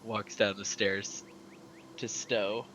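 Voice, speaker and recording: A man's voice: lowish voice, flat delivery, slow pace, fairly bright tone, slight background noise, poor audio. A man playing a tabletop game, casually thinking aloud about his character's choices. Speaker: player.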